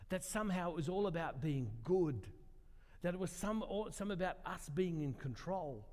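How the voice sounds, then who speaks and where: Older male preacher, slightly high voice, chatty and self-mocking, long hall reverb. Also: expressive, normal speed, a little mellow. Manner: conversational, asks the congregation questions, self-deprecating humor. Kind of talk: sermon.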